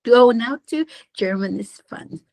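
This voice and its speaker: A woman's voice: on the high side, a little slow, creaky, highs cut off. A woman hosting a live radio show, tripping over her words as she introduces the next segment. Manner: stumbles over words, excitedly.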